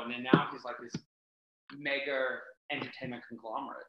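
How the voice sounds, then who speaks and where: A man's voice: medium pitch, flat delivery, fairly quick, reverberant, dull audio, very noisy. A man in his thirties from Australia, with an Australian accent that drifts toward American, chatting animatedly as a podcast guest and telling stories. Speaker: podcast guest, acting coach. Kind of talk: casual podcast chat.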